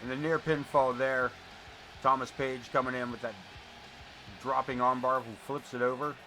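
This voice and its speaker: A man's voice: mid-range voice, flat delivery, moderate pace, bright, forceful tone, faint music behind. A man calling wrestling play-by-play live and breaking into blunt, profane, chatty stories. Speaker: wrestling commentator. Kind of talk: live play-by-play commentary mixed with casual chat.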